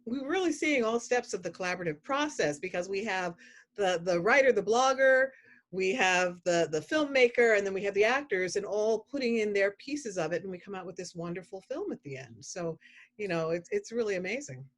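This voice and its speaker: Lively woman moderating a panel. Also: medium pitch, fairly quick. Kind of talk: virtual panel discussion.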